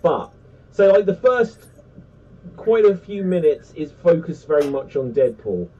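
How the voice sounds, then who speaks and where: A man's voice: fairly high pitch, a little slow. Rambling chatty man, lo-fi distant mic. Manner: rambling, animated, many fillers. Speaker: panelist on a geek pop-culture show. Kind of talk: casual chat.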